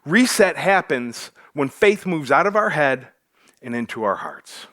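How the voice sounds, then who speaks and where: A man's voice: fairly high pitch, very animated, a little slow, bright, forceful tone. A male pastor preaching a sermon to his church, joking with the congregation as he goes. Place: church sanctuary.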